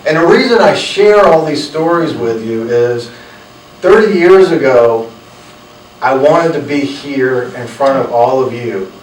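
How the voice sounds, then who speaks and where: A man's voice: medium pitch, animated, unhurried. Storytelling man. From North Carolina. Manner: earnest, anecdotal, acts out quoted dialogue. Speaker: author. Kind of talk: storytelling talk to an audience. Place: room with a live audience. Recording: roomy, from a distant mic.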